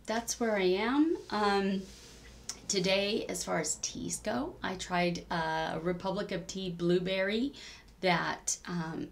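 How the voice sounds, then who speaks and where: A woman's voice: mid-range voice, slight background noise. A woman chatting in a rambling diary-style crafting vlog, with many ums, sounding a bit tired. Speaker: cross-stitch vlogger.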